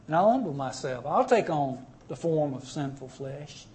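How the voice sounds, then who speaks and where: A man voicing a humble son who speaks softly and earnestly to his father. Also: on the high side, expressive, moderate pace, a little hiss or hum, pitched below the performer's own voice, lightly acted.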